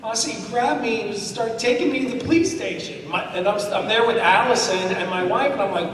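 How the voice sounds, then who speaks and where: A man guest at a convention panel, telling lively anecdotes full of laughter and acted-out quotes. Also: sits high, brisk, hardly any pauses, crowd noise. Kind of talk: storytelling at a fan panel. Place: large convention hall. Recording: echoey hall mic from far off with noise.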